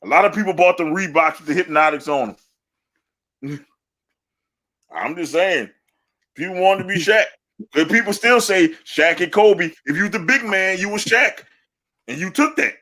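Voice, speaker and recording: Animated laughing man, bright voice. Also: high voice, normal speed, long pauses. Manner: animated, laughing, trash-talking. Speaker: podcast co-host. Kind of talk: casual sports banter.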